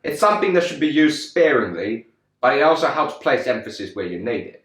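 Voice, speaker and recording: A man's voice: medium pitch, very animated, fairly quick, fairly bright tone, echoey room. A man interviewing a bandmate in a playful tough-guy banter, swearing heavily. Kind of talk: joking casual interview.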